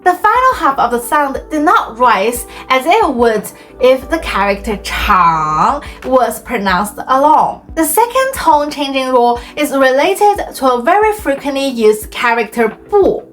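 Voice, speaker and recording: Woman language teacher, animated sing-song delivery, deliberate and clear for learners. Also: sits high, faint music behind. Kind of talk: scripted educational explainer.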